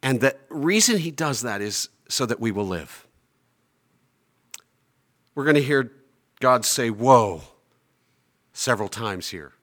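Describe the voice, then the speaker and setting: Pastor guy preaching, slows way down on the big lines, loud then soft. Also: medium pitch, very animated. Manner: emphatic, slows down on key phrases; swings between loud declarations and quiet asides. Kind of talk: sermon.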